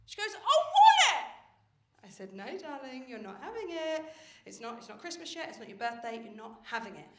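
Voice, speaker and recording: A woman performing a stand-up comedy set on stage, telling stories in a brash, animated way with plenty of swearing. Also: a little high, a little fast. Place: stage of a live comedy venue. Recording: roomy live venue with faint noise. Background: audience laughter.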